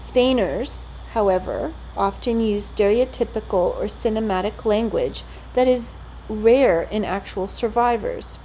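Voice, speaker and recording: A woman reading scripted documentary narration in a measured, clinical tone. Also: mid-range voice, warm tone, a little hiss or hum, low-quality recording.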